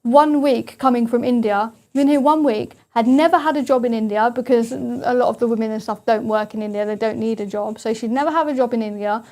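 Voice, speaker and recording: A woman's voice: fairly high pitch, brisk, hardly any pauses, darkish tone. A young woman, a talk radio guest speaking earnestly and opinionatedly. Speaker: studio guest.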